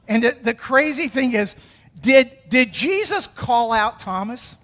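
High-voiced pastor preaching in a hall. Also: male voice, a little slow. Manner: energetic, conversational preaching with audience call-outs. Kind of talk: sermon. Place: church sanctuary. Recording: long hall reverb.

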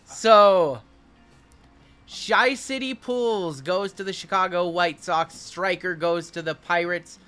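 Bright-voiced man hosting a card break. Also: high voice, takes it slowly, clear, resonant tone, faint music behind. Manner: chatty, rambling, calls out cards. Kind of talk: casual live-stream chat.

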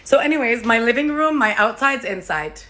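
Chatty, high-voiced woman vlogging at home. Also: lively intonation, brisk, pushed and bright. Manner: chatty, rambling, swears freely, retells stories with quoted voices. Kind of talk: casual vlog chat to camera.

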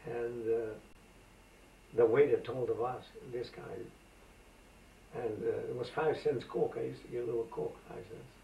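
A man's voice: medium pitch, steady tone, moderate pace, vocal fry, pauses often, lo-fi sound, slight background noise. A man in his eighties, from Macedonia, telling rambling stories full of fillers in an oral history interview, recorded on a roomy tape from a distance. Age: 80s. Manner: rambling, anecdotal, with frequent fillers. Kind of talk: reminiscing conversational storytelling.

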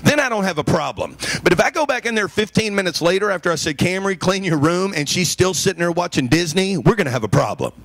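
A man preaching a sermon as pastor, animated and humorous, acting out everyday scenes and raising his voice to make a point. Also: high voice, quick pace, few pauses. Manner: animated and humorous, acting out phone calls with raised voice.

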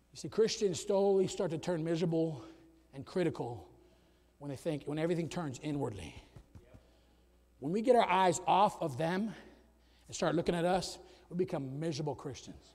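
A middle-aged pastor delivers a sermon from the pulpit in a high, ringing voice, shifting between gentle, conversational asides and loud, shouted peaks. A long reverb from the large church sanctuary trails his words.

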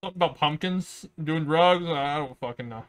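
This is casual album reaction talk from a young man hosting a music video, the record audible in the background. His slightly high voice is fairly quick, with a fairly bright, clean tone, and he rambles, jokes and gets crude.

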